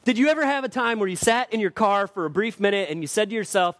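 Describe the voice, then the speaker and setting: A man with a high voice delivers a sermon in a relaxed, conversational way, leaning into emphatic questions for his listeners. The sound is dry and close, with little room around it. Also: fast, few pauses, no echo. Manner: conversational and emphatic, rising to urgent appeals. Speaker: pastor.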